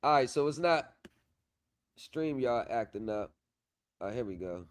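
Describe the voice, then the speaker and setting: A man's voice: medium pitch, expressive, measured pace. Confident man hosting a casual livestream. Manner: confident, repetitive, drifts off while working the screen. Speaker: livestream host on pro se legal help.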